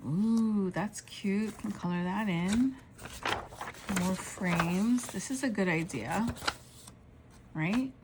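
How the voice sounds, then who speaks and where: A woman's voice: mid-range voice, slow pace, pauses often, noisy background. A woman vlogger narrating a casual show-and-tell of craft supplies, gushing and exclaiming over each item.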